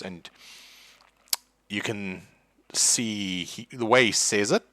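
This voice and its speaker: Male game master, low bright voice, lively, close dry mic. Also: slow, no echo. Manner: animated, many restarts. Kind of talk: narrating a tabletop game.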